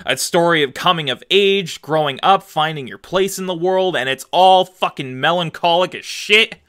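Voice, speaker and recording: A man with a bright, slightly high voice co-hosts a casual podcast. He talks emphatically and swears a lot as he gushes. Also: moderate pace. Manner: emphatic, profane, gushing. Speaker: podcast co-host.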